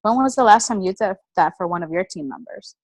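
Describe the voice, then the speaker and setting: A woman giving a personal motivational talk in an energetic, chatty storytelling manner. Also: medium pitch, a little fast, no echo, low-quality recording. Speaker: motivational speaker.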